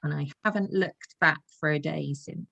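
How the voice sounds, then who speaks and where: Low, gravelly woman. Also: moderate pace, bright, forceful tone, muffled recording. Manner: earnest and heartfelt, laughs often. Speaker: guest, intuitive coach. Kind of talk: casual interview conversation.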